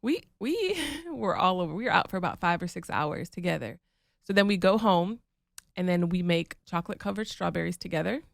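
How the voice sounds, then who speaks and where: A woman co-hosting a podcast in casual chat, telling stories in a lively way and acting out the lines she quotes. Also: on the low side, fairly quick, creaky, no echo, studio quality. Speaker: podcast co-host.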